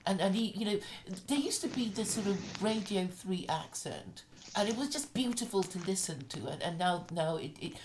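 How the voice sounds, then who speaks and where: A woman's voice: mid-range voice, lively intonation, moderate pace, hardly any pauses, noisy background. A woman in casual conversation, talking in an opinionated, chatty way with frequent restarts.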